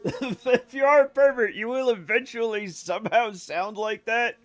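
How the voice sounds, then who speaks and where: A man's voice: very high voice, normal speed, fairly bright tone. A man livestreaming a game and telling rambling stories in a casual chat, often laughing and correcting himself. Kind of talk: casual storytelling while gaming.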